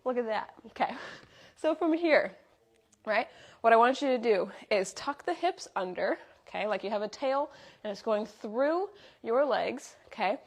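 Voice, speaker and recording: A somewhat high-voiced young woman coaching a live workout, counting off reps and calling out body cues. She stays upbeat and sounds a little out of breath as she moves. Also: animated, a little slow. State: slightly out of breath. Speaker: fitness instructor. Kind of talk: live workout class instruction.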